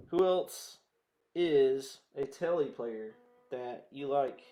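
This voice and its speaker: A man's voice: fairly high pitch, darkish tone. A man with a Southern American accent chatting in a rambling way to viewers while he restrings a guitar. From southern United States. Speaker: guitar vlogger.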